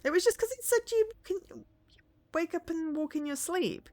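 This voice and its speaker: A woman's voice: extremely high pitch, expressive, moderate pace, darkish tone. A woman streaming from home, chatting casually with her viewers, rambling, laughing often and humming bits of songs.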